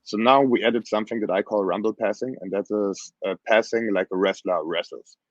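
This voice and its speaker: A man coaching grappling, talking bluntly and with energy in a casual interview, his voice hoarse from screaming. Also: fairly low pitch, a little fast, no room sound, highs cut off. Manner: animated, blunt, plain phrasing.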